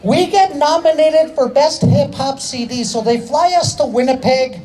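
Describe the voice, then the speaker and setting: On an outdoor stage, a Canadian stand-up comedian and rapper tells a comedy story, chatting away, hyping up the crowd and tagging lines with "eh". His voice is extremely high-pitched and a little mellow, delivered at a moderate pace, and the audio quality is poor.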